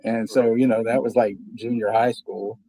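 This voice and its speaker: A man's voice: mid-range voice, little pitch movement, moderate pace, dark tone, slightly rough, no room sound, poor audio. A man in his fifties with a Texan accent, hosting a casual watch-party stream and rambling through stories with plenty of swearing. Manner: rambling storytelling, heavy swearing. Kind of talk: casual livestream chat.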